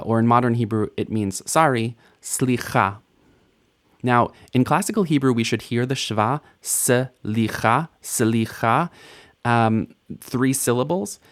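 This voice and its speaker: A man recording a language lesson at a steady middle pitch. He sounds out each letter and vowel slowly and repeats words so learners can follow. His delivery is patient, with a playful edge. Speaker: Hebrew teacher.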